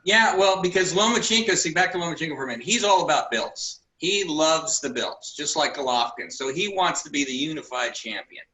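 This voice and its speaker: A man's voice: fairly high pitch, expressive, brisk, hardly any pauses, pushed and bright, roomy sound, rough recording. A man co-hosting a boxing talk show, rambling and repeating himself as he chats casually. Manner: rambling, repeats words, laughs while talking.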